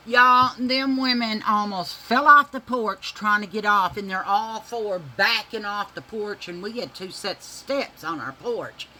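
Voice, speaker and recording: A woman with a bright, sharp voice spins a rowdy family tale for her viewers, calling them y'all and laughing through it. Her talk is loose and folksy, peppered with cursing, over a faint background hiss. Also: mid-range voice, a little slow, few pauses, poor audio. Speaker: vlogger telling a family story. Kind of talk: casual storytelling to viewers.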